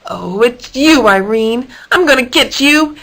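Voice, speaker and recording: A woman voicing a big, lonely female hippo in a children's story, talking in a slow, heavy way. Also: on the high side, expressive, a bit bright. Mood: annoyed.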